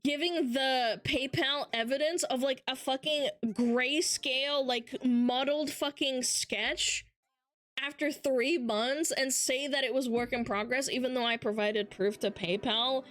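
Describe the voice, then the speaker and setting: A woman VTuber streamer chatting casually into a headset, animated and swearing often. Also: high voice, a little slow.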